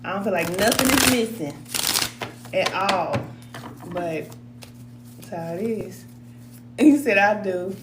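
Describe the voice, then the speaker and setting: A woman's voice: mid-range voice, expressive, slow, pauses often, roomy sound, very noisy. A woman, chatting casually on a live stream, laughing often and reading viewer comments aloud. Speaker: spiritual advisor reading cards for a live chat.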